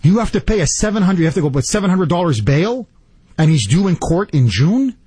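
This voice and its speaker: A male talk radio host ranting with indignant, rapid-fire energy. His voice is a little husky and sits fairly high, swinging widely up and down in pitch. The sound is dry and close. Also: big pitch swings, dark tone, dry recording. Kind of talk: political talk radio monologue.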